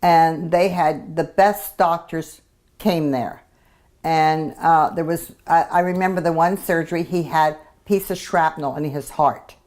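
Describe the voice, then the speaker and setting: Older woman veteran recalling in halting speech. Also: low voice, steady tone, a little mellow. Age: 80s. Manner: halting, reflective, frequent restarts. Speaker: veteran interviewee. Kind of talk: oral history interview.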